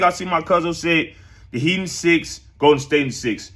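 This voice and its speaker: A man's voice: a little high, a little fast, fairly bright tone. A man hosting a casual sports talk stream, chatting loosely with viewers, rambling and repeating his phrases.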